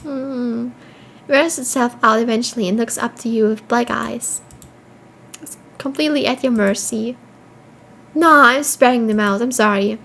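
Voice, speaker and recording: A woman's voice: on the high side, fairly even intonation, moderate pace, gravelly, rough recording. A woman streaming a horror game, reading its text aloud and reacting with swearing and laughter.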